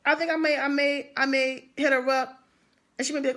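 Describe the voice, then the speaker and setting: A woman's voice: high-pitched, fairly even intonation, fairly quick, a bit bright. A young adult woman speaking, telling a motivational story with emphatic repetition and slang. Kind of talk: motivational vlog monologue.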